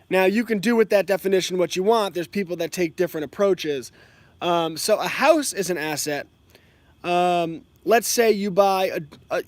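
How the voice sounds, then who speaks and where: A man's voice: sits high, dry recording. A young man, an educator, talking frankly and giving his opinions while explaining ideas with examples. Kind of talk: casual commentary.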